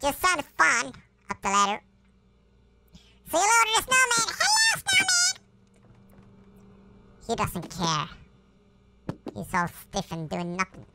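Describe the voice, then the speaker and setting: A performer voicing a cartoon chipmunk character who gives playful, taunting gameplay commentary through a sped-up chipmunk pitch effect. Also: wildly swooping pitch, slow, long pauses, noisy background, heavily acted. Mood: excitable. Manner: chatty, taunting, sing-song, silly exclamations. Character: hyper cartoon chipmunk gamer, squeaky and excitable. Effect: sped-up chipmunk pitch shift. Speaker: let's play host.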